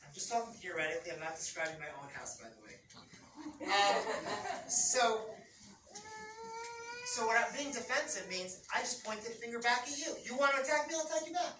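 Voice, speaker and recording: A woman couples therapist giving an explanatory talk on relationships, acting out quoted couples in an animated way. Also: fairly high pitch, moderate pace. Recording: roomy, distant, noisy room sound.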